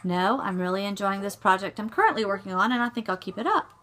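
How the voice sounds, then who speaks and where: A woman's voice: mid-range voice, lively intonation, fast, bright, forceful tone. A middle-aged woman, chatting casually on her cross-stitch vlog and often rambling and correcting herself. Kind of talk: casual chat.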